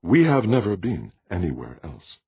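A man's voice: sits low, sing-song, normal speed, slightly rough, no room sound, muffled recording, voice pushed up, heavily acted. A man voicing a placid alien elder. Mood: calm, placating. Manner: placid, patient and explanatory. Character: calm, courteous alien elder of the planet.

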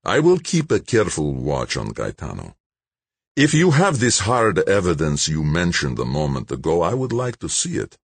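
A man's voice: low-pitched, huge pitch swings, moderate pace, slightly rough, dry recording, full character voice. A man voicing an ambitious, proud male politician who speaks in a formal, controlled way. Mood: guarded, stern.

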